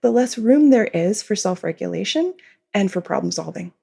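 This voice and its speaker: A woman's voice: mid-range voice, lively intonation, moderate pace, creaky, mellow, slightly rough. A woman, a behavior consultant, answering interview questions in a podcast and explaining at length, often giggling between points. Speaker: behavior consultant and author, guest.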